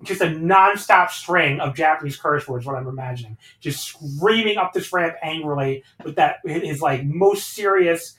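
A man hosting a podcast, recapping matches in casual chat, animated and swearing freely as he rambles through the action. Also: fairly high pitch, normal speed, hardly any pauses, roomy sound, rough recording. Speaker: podcast host.

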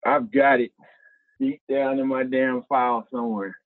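Man in his fifties from Ohio, slangy animated storyteller, thin phone-line sound, dry. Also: mid-range voice, normal speed, no room sound. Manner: animated, slangy, acts out other people's lines. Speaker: guest, former pro basketball player. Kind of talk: casual storytelling.

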